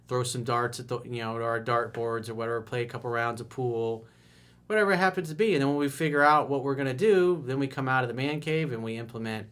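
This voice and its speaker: Male dating coach, mid-pitched, casual and emphatic, punchy jumps in pitch. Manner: casual and emphatic, with sudden rises in pitch and loudness. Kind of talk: coaching video monologue.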